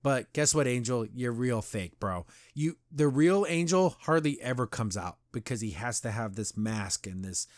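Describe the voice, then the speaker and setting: Guy doing a chill review podcast, dry close sound, gets animated retelling scenes. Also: mid-range voice, moderate pace, hardly any pauses, no echo. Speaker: podcast host. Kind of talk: casual episode review.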